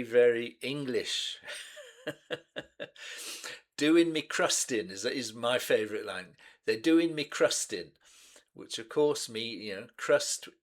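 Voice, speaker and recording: A man in his seventies hosting a music reaction channel, reminiscing in an unhurried, hesitant way with many pauses and restarts. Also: fairly low pitch, a bit bright. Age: 70s.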